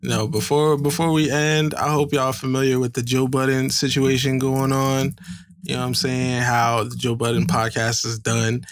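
A man's voice: mid-range voice, level tone, normal speed, faint music behind. A man co-hosting a podcast, teasing and talking in easy slang. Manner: slangy, teasing, laid-back. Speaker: podcast co-host. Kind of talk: casual chat.

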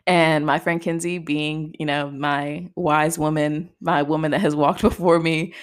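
A young podcast host shares a personal story in a casual, chatty way, constantly using "like" and "just." Her voice sits low, with a flat, unhurried delivery.

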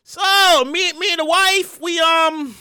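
A woman hosting her own show, ranting loudly and profanely in a comedic monologue, getting worked up and shouting. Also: extremely high pitch, slow, no echo, clean studio sound. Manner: loud, profane, excitable ranting. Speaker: show host.

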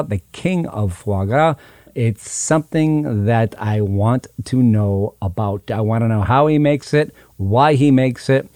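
A man hosting a radio food show, chatty and joking as he pitches deals. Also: darkish tone, no echo, clean studio sound.

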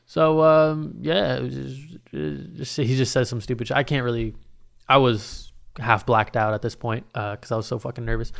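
A man's voice: mid-range voice, a bit bright, clear, resonant tone. A young adult man tells a story in a casual, rambling, profane and self-mocking way.

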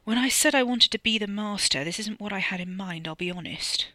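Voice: medium pitch, a little fast, bright, forceful tone, no room sound, natural voice. The author reading a novella, voicing a cocky, sardonic working-class man with a British accent who mutters his lines.

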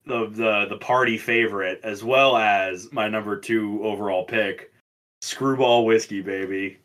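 Profane, animated young man. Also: fairly low pitch, unhurried. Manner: loud, profane and animated storytelling. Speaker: podcast co-host. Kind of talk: casual chat.

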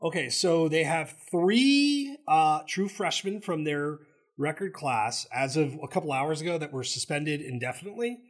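A man with a Southern accent, co-hosting a casual sports talk show and cutting in with animated opinions. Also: a little high, moderate pace. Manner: animated, talks over his co-host. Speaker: co-host.

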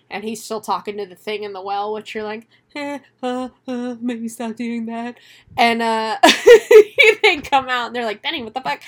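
A woman's voice: on the high side, a bit bright. A young woman co-hosting a casual movie review chat, swearing freely, laughing often and acting out the characters. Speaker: podcast co-host.

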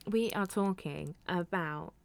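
A woman co-hosting a podcast, telling stories in an animated way, swearing casually and laughing along. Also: fairly low pitch, slow, vocal fry. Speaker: podcast co-host. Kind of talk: casual chat.

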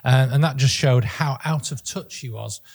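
A man with a slightly husky voice co-hosts a casual political podcast. He talks in an opinionated way and often stumbles and restarts mid-sentence. His pitch sits in a middle range for a man. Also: normal speed. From Northern England. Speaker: podcast co-host.

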